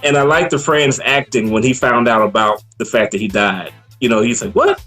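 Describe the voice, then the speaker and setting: A man co-hosting a casual movie review chat, relaxed and laughing often as he acts out lines from the film. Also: medium pitch, brisk, soft background music.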